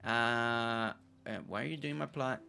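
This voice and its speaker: A man streams a game with a bright, crisp voice, chatting and joking with his viewers. His delivery is playful and relaxed. Faint game music sits behind him. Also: mid-range voice, a little slow. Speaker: gaming streamer. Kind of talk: casual gameplay commentary.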